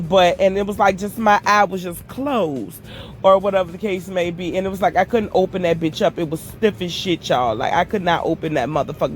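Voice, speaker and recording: Profane, animated woman telling a storytime. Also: fairly low pitch, a little hiss or hum. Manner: profane, animated, addresses viewers as y'all. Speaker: storytime vlogger. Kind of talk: casual storytime. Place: outdoors while walking.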